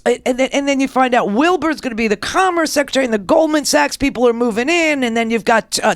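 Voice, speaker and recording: A woman's voice: sits high, no echo, clean studio sound. A middle-aged woman hosting a political talk radio show, ranting in a blunt, sarcastic and crude way.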